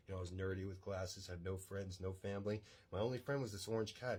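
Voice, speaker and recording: A man's voice: on the low side, steady tone, quick pace, few pauses, darkish tone, slightly rough. A man in his forties from Texas, telling his own life story in a rambling, blunt, self-assured way. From San Antonio, Texas. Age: 40s. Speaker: podcast storyteller. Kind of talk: casual personal storytelling.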